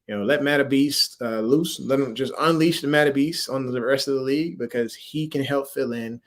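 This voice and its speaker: A man from Louisiana with a mixed Southern and military accent, hosting a casual sports-fan livestream and chatting in an animated, slangy way with frequent laughs. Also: mid-range voice, moderate pace. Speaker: livestream host.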